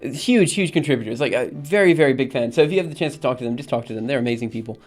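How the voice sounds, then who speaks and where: Expressive and racing, with a mid-range, darkish voice, the host of a relaxed coding livestream talks to chat in an upbeat, rambling way packed with fillers while faint music plays behind him.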